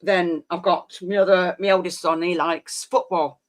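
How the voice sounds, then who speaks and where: A woman in her fifties chats casually with her stream viewers in a lowish, steady voice at a moderate pace. She rambles and reminisces in an easy, meandering way, often trailing off mid-thought.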